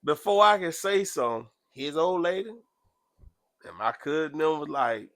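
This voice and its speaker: A man chatting casually, telling a story with animated, loud acted-out quotes. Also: normal speed, no echo. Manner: animated, acts out quotes with sudden loud jumps in pitch. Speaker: podcast host.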